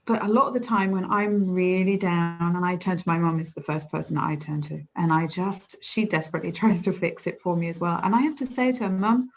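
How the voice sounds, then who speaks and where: Woman guest on a podcast, lowish voice, laughs a lot, dull lo-fi audio. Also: brisk, hardly any pauses. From England. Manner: expressive, laughs often, acts out quoted lines. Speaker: guest, hypnotherapist. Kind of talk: casual podcast chat. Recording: dull lo-fi remote audio with faint noise.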